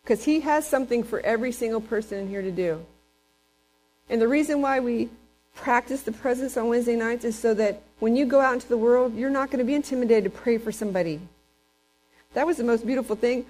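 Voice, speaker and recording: A woman from Texas, preaching a sermon in a lively storytelling way and asking the congregation questions. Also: fairly high pitch, a little fast, poor audio. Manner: lively storyteller who acts out quotes and asks the congregation questions.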